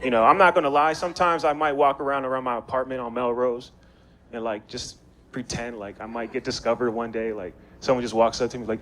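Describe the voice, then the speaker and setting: A man's voice: mid-range voice, fairly even intonation, brisk, fairly bright tone. A young man performing a stand-up comedy set in a small bar, with loose, chatty slang and banter with the crowd. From Maryland, USA. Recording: live bar set with noticeable background noise.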